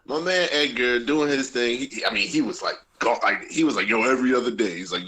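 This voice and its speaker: A young man co-hosting a podcast, telling a teenage story in a relaxed, slangy way, dropping to a lower voice for the lines he quotes. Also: quick pace, hardly any pauses, low-quality recording. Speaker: podcast co-host. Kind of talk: casual storytelling.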